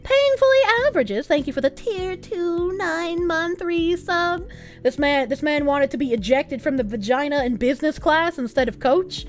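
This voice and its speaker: A woman's voice: sits high, normal speed. A woman livestreamer chatting casually and thanking viewers for donations, crude and joking, swearing freely. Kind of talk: casual stream chat, reading out donations.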